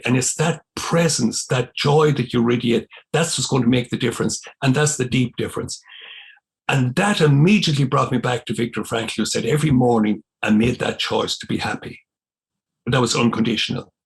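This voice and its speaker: A man's voice: mid-range voice, creaky. An older Irish man, a former missionary priest, telling his life story as a podcast guest and acting out the dialogue he recalls. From Ireland. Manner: animated storyteller, acts out quoted dialogue. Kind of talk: storytelling in conversation.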